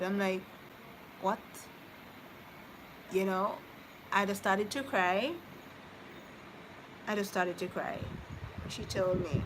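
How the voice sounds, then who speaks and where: A woman's voice: mid-range voice, background noise. A woman, chatting casually with live-stream viewers. She rambles, repeats herself, and speaks from the heart. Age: 30s. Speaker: vlogger reading live chat.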